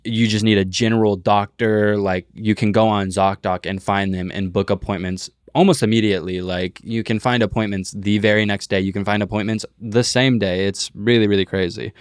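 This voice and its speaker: Man, podcast co-host, low smooth voice, dry sound, casual and swearing. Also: no room sound. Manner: loose, joking, swearing. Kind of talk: casual chat and host-read ad.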